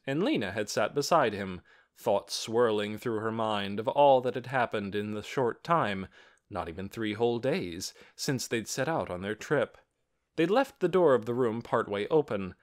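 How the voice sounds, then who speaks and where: A man reading a children's storybook aloud in an expressive, animated way. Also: medium pitch. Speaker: audiobook narrator. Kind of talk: scripted storybook narration.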